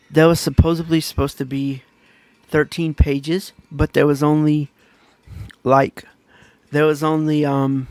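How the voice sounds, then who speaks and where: A man's voice: medium pitch, no echo. A man giving a casual book review, retelling the plot in a rambling, loose and conversational way.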